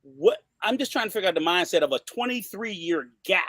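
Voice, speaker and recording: A man's voice: high voice, lively intonation, a little fast, fairly bright tone. A man hosting a casual interview, cutting in with probing follow-up questions. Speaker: podcast host.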